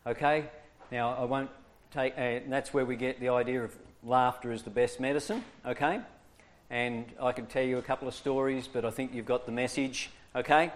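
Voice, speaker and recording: Lively man teaching a class. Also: medium pitch, moderate pace. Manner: lively, coaxing, keeps checking in with "okay?". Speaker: church teacher trainer. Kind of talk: training class lecture.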